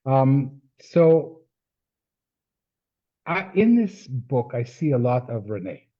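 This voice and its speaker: A man's voice: medium pitch, sing-song, slow pace, dark tone. A man hosting an interview, stumbling and repeating words as he praises his guest over a video call. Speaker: interviewer host. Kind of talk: casual interview chat. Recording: dull lo-fi video call audio.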